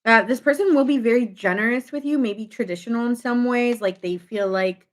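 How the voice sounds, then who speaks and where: A woman giving a casual tarot reading, chatty and animated, full of fillers, acting out little quoted reactions. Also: on the high side, brisk. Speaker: tarot reader.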